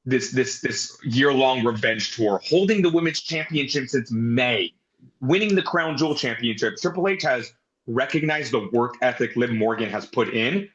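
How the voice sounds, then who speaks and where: A man's voice: medium pitch, animated, normal speed, dull audio. A man co-hosting a podcast, talking casually with strong opinions and some swearing. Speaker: podcast co-host. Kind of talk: casual chat.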